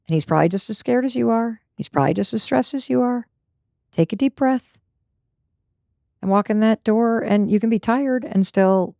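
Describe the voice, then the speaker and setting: A woman's voice: mid-range voice, creaky, no echo, clean studio sound. A woman podcast host talking earnestly and emphatically in a casual heartfelt conversation. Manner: earnest, emphatic, animated self-talk.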